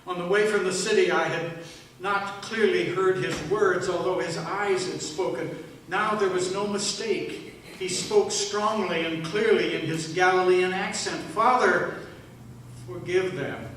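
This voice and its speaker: A man delivering a slow, solemn first-person dramatic monologue in a church service, with hushed pauses. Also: high voice, fairly even intonation, slight background noise. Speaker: worship leader. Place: church sanctuary. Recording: echoey room, mic at a distance.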